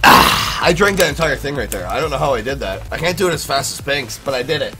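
A young man giving profane, excitable live commentary on his own gameplay, with sudden yelled outbursts. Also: mid-range voice, fast talker, loud music behind the voice. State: out of breath. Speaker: gaming channel host.

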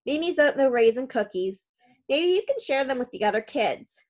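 A worried, anxious mother, as a woman reads her aloud. She speaks softly in a storybook reading, with a fairly high voice. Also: lively intonation, normal speed.

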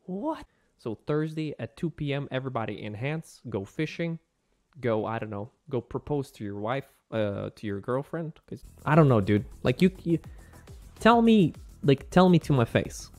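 A man's voice: medium pitch, animated, normal speed, mellow, no echo, soft background music. A young man recapping his gaming session in a casual, rambling vlog, often saying "dude". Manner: rambling, laid-back, says "dude" a lot. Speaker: gaming vlogger.

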